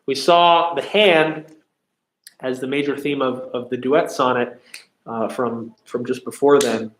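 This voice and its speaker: A man's voice: mid-range voice, fairly even intonation, measured pace, a bit bright, a little hiss or hum. Guy teaching a poetry lesson, lots of ums and restarts, sounds like a roomy echoey space. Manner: explains step by step with many fillers and restarts. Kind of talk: explaining and reciting Shakespeare. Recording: echoey room.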